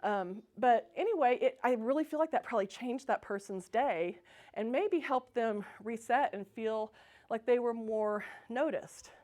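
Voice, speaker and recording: Brief: upbeat woman speaker, a touch high, chatty storyteller at a spiritual center who laughs easily. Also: a little slow. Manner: bubbly, laughs often, acts out her own excited quotes. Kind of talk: Sunday talk, personal storytelling.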